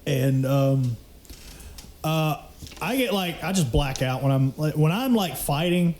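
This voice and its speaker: A young man telling animated, profane stories in a casual podcast chat, laughing often. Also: on the high side, unhurried, slight background noise. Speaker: podcast co-host.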